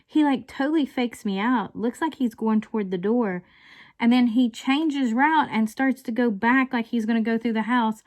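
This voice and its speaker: A woman chatting as a craft vlogger, easy and unhurried. She takes her time with every sentence and lets it trail and ramble. Little chuckles slip in between her words. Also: on the high side. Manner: rambling storyteller, chuckles often. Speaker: diamond painting vlogger. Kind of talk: casual chat while crafting.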